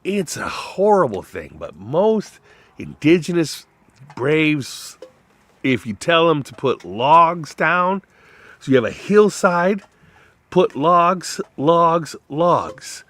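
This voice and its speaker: A man in a rambling, profane monologue whose voice swings between loud outbursts and low mutters. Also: no echo.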